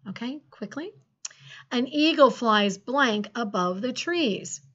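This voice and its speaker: A middle-aged woman leads a second grade phonics lesson in a slightly high, sing-song voice. She stays encouraging and draws words out slowly for young children. The sound is dull and lo-fi. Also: lively intonation, a bit bright. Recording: dull lo-fi classroom recording.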